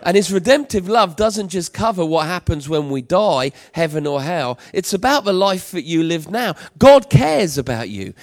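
A man delivering a sermon with a somewhat high voice. He preaches emphatically, repeating his lines and swelling into passionate appeals as he tells a personal story. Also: lively intonation, normal speed, few pauses. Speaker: pastor.

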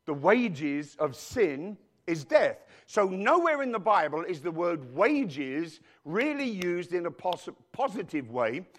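A male pastor preaching a sermon in a church, who keeps calling out to the congregation with questions as he goes. He grew up outside the United States. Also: fairly high pitch. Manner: preachy call-and-response with the congregation.

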